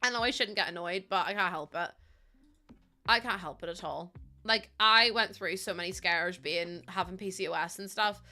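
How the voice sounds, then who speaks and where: A woman's voice: lowish voice, moderate pace, pushed and bright. A young adult woman, chatting heatedly to her live chat while she builds in a game. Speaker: live streamer.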